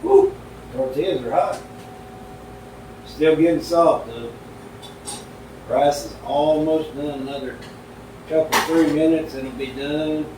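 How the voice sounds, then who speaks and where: A middle-aged man, a vlogger, telling folksy stories in a laid-back, unhurried way while he cooks at home, away from the camera. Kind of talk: casual storytelling while cooking. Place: home kitchen. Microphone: camera left far from the speaker. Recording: roomy and distant, faint rumble.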